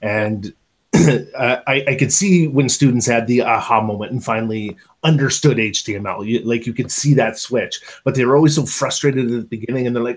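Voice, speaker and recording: A man hosting a podcast interview, telling stories in a relaxed, encouraging way. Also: mid-range voice, normal speed. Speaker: podcast host. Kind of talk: casual interview chat.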